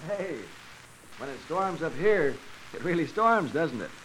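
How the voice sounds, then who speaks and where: A man's voice: on the high side, lively intonation, measured pace. Hissy old-radio male narrator. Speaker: radio guide. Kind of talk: 1930s radio narration and dialogue.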